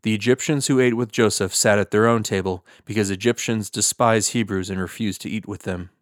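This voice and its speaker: A man narrates scripture in a low, even-paced voice. His reading is steady and measured. The sound is dry and close, with no room around it. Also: no room sound. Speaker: scripture reader.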